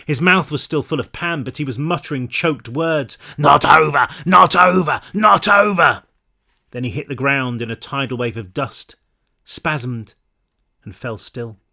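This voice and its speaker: A man narrating his own novel in a measured reading, now and then dropping into relaxed asides to his listeners. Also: mid-range voice. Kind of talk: audiobook-style read-through.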